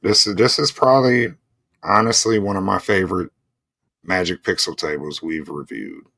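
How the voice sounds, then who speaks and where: A laid-back man with a very deep voice chats casually as a show co-host. He keeps saying "bro" and "you know", and his close, dry mic leaves no room sound. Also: moderate pace, creaky, sharp tone, dry recording. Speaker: podcast co-host. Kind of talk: casual chat.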